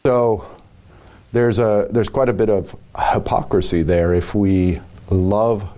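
A man's voice: lowish voice, steady tone, slow, mellow. A man, a pastor giving long, thoughtful answers in a casual podcast chat, with frequent chuckles. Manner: thoughtful, rambling, chuckling often.

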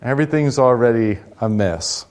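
A man's voice: mid-range voice, expressive, normal speed, darkish tone. A man leading a Bible study class, explaining scripture conversationally and asking rhetorical questions.

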